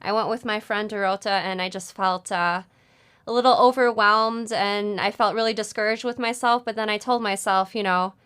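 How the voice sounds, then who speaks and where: A woman's voice: mid-range voice, steady tone, normal speed, fairly bright tone, clear, resonant tone. A woman in her thirties co-hosting a sewing channel, chatting casually and laughing often. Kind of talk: casual chat.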